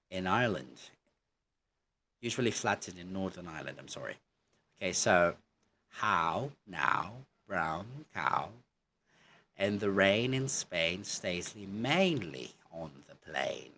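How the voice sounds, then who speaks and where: A man's voice: low voice, pushed and bright, a little hiss or hum. A man teaching an online English lesson, chatty and encouraging, who keeps saying "okay" and "you know". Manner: encouraging, coaching tone.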